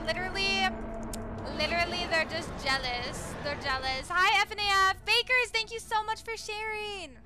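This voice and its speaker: A young woman live-streams a game with music in the background, her voice extremely high and her pace moderate. Bubbly and gushing, she reads the chat and chats with viewers, calling them bestie and saying slay.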